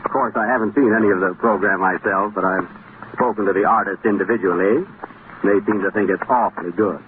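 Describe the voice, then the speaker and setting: A man's voice: lowish voice, steady tone, brisk. A man hosting a 1930s radio comedy show, trading dry, self-mocking wisecracks with hesitant fillers. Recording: tinny, noisy 1930s radio broadcast.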